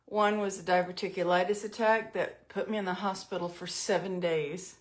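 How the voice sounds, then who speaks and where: A woman's voice: on the low side, steady tone, normal speed. A middle-aged woman chatting at home in a casual storytelling vlog while doing her makeup, self-mocking and talkative.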